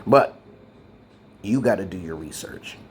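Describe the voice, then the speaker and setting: A man of about fifty from Brooklyn, delivering a mocking, laugh-studded rant to his viewers that swings from loud outbursts to muttered asides. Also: low-pitched, lively intonation, measured pace, slight background noise. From Brooklyn, New York. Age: around 50. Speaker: social media commentator. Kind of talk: ranting monologue to viewers.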